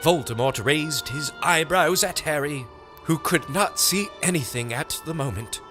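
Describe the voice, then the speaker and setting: Male audiobook narrator, deadpan comic read, unhurried, sing-song pitch. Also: soft background music. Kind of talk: deadpan reading of a comic nonsense story.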